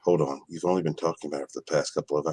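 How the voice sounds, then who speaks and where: A man's voice: very deep voice, steady tone, rapid-fire, darkish tone, slightly rough, dry recording. A man chatting casually on a podcast, rambling and crude, stumbling over his words and laughing often. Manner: crude, rambling, stammers and restarts, laughs a lot. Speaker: guest on a podcast.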